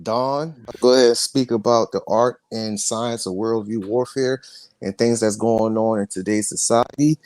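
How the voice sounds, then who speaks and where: A man's voice: fairly low pitch, steady tone, darkish tone, no room sound. A man hosting a casual livestream, talking in a loose, slangy way and handing the floor to his guest. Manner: loose, slangy, quick to hand over the floor. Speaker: livestream host.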